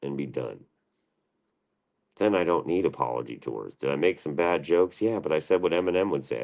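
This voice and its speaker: Guy with a super low voice ranting at his stream chat, cussing a lot, real defensive. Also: moderate pace, creaky, a little mellow. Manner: profane, combative, defensive. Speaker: livestream host. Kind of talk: livestream rant answering chat.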